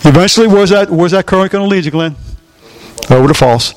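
A man's voice: high voice, lively intonation, a little fast. A middle-aged male pastor preaching a sermon, emphatic, putting questions to the congregation and repeating his key lines.

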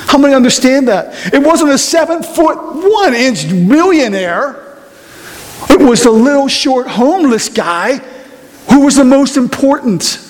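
A man preaching a sermon, telling a story and asking the congregation questions, speeding up and slowing down for emphasis. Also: very high voice. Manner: animated, rises and slows for emphasis, asks the congregation questions. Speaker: pastor. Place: church. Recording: long hall reverb, faint hiss.

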